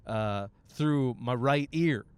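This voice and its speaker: Crude joking man, smooth dry voice. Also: takes it slowly, no echo. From Michigan, USA. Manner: crude, jokey, animated with sudden high-pitched bits. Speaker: podcast host, stand-up comic. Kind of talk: casual rambling monologue. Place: riding a bus on the way to the gym.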